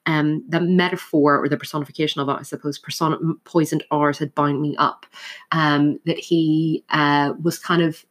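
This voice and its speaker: A woman with a low-pitched, level voice teaches literature at a normal speed, walking through a play scene line by line. She's thoughtful, with frequent fillers and restarts.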